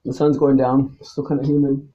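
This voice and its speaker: Guy rambling to his camera, mutters low then blows up swearing, keeps repeating, kinda dull muffled audio. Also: flat delivery, fairly quick. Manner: swings from low mutter to loud angry outbursts; repeats himself, profane. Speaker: vlogger. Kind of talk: rambling solo monologue to camera.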